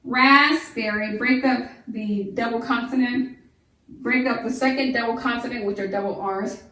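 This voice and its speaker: A woman teaching a phonics lesson, slowly sounding out the syllables of words. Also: fairly high pitch, fairly even intonation, bright, forceful tone, recorded from a distance, a little hiss or hum. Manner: slow, stretched sounding-out of syllables. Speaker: homeschool teacher. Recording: echoey room, voice off-mic.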